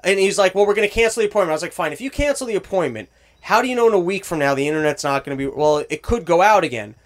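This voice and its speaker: High-voiced man ranting profanely. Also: expressive, racing. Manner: profane, exasperated ranting, acts out both sides of calls. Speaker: storyteller on a talk show. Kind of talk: casual chat.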